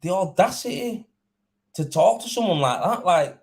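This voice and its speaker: A man's voice: sits high, animated, normal speed. A young man, a plasterer, chatting casually and indignantly on a livestream, swearing and rambling. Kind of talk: casual live-stream chat.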